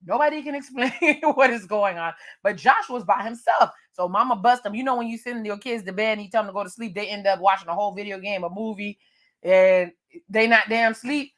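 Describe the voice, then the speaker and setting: A woman's voice: mid-range voice, fairly quick, fairly bright tone. A woman recapping a horror movie with jokes and slang, laughing often. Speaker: movie reviewer.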